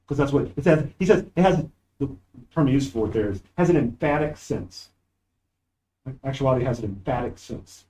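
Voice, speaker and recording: A man with a mellow, medium-pitched voice lectures on philosophy at a university, discursive and emphatic, often reading passages aloud. Recorded in the classroom without a proper microphone, the poor audio was cleaned up after the fact.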